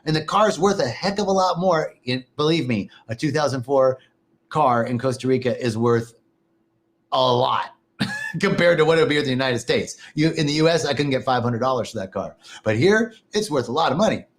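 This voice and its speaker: A man preaching a sermon, telling animated stories, laughing often and swearing casually. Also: mid-range voice, moderate pace. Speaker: minister. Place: lives in Costa Rica.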